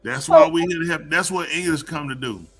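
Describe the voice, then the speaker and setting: A man's voice: fairly high pitch, brisk, music in the background. Teasing comedic podcast host, a man. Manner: teasing, bursts into loud laughs. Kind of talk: comedic casual chat.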